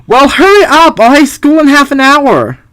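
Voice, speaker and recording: A man's voice: extremely high pitch, big pitch swings, moderate pace, pushed and bright, dry recording, pitched above the performer's own voice, full character voice. A man voicing an eager teenage girl in a video game, in a raised, pleading voice.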